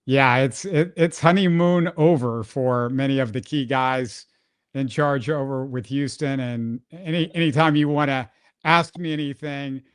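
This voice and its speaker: A man's voice: medium pitch, unhurried, clear, resonant tone, dry recording, clean studio sound. Wry sports podcast host, a man. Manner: wry, joking, rattles off stats. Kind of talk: casual sports talk.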